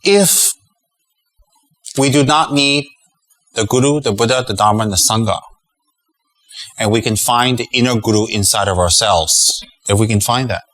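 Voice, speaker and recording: A man's voice: medium pitch, moderate pace, long pauses, a bit bright, rough recording. A middle-aged man giving a Dharma talk as a Buddhist teacher, emphatic and rhetorical, chuckling at his own jokes.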